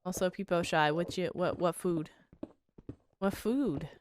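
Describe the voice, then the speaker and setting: A woman's voice: on the low side, unhurried, slight background noise. A young woman streamer chatting casually with her viewers while gaming, reading their messages aloud and swearing freely.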